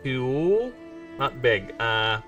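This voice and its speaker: A Filipino man in his forties, an indie game developer, chats casually on a livestream, reading lore aloud with rambling, self-deprecating jokes. His mid-range voice is very animated and fairly bright, and he speaks extremely slowly. The mic is distant, with music playing behind him.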